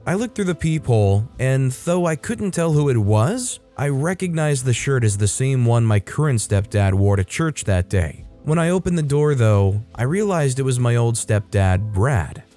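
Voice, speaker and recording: A man narrating online stories aloud, reading them in an expressive way and shifting his tone for quoted dialogue. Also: medium pitch, moderate pace, few pauses, faint music behind. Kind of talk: scripted story narration.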